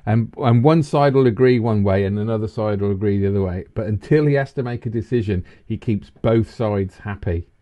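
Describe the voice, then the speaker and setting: A man in his fifties co-hosting a casual chat, rambling and animated. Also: brisk, hardly any pauses. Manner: animated, rambling, breaks into high laughs. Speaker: co-host. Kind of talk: casual banter.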